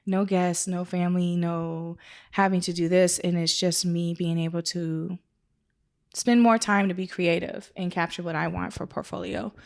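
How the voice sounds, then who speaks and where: A woman's voice: fairly low pitch, level tone, normal speed, vocal fry. A woman, a wedding photographer, talking casually and emotionally as a guest in her own studio. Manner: chatty and emotional, acts out quoted voices. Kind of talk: casual interview conversation.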